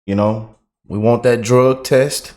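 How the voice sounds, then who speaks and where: A man's voice: mid-range voice, steady tone, takes it slowly, darkish tone. A man hosting casual political commentary, folksy, laughing and calling his audience y'all. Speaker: commentary channel host.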